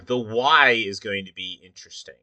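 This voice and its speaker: A man with a low but very bright, sharp-edged voice thinks aloud in a casual, halting way, full of fillers and pauses. The sound is dry and close, with no room echo. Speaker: puzzle maker.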